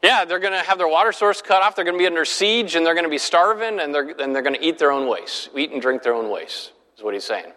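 A man leads a Bible lesson, speaking with a fairly high, lively voice that rises and falls freely. He talks casually and keeps turning to his listeners with questions. His voice rings with a long reverb from a large hall. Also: fast talker, hardly any pauses. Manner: conversational, keeps asking the class rhetorical questions. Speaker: Bible study teacher. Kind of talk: classroom Bible teaching.

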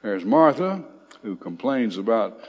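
A male preacher delivers a sermon in a fairly low voice, rising into emphasis when he reads scripture aloud. He pauses on frequent fillers between points. His voice rings with the long reverb of a church hall. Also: sing-song, darkish tone, husky.

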